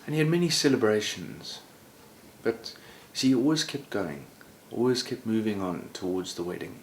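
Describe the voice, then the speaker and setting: Low-voiced man telling a story. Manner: relaxed and conversational, many "sort of" asides. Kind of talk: oral storytelling. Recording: roomy echo, faint background noise.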